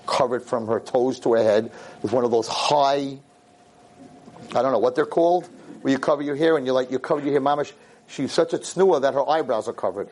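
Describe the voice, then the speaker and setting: A man, a rabbi and teacher, giving a convention talk and telling a story in an animated way, acting out the people he quotes. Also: mid-range voice, slight background noise. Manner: animated, acts out quoted voices.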